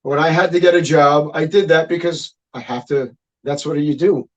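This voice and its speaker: A middle-aged man, a guest musician, telling stories in a casual, profane, animated interview chat. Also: fairly high pitch, normal speed, highs cut off.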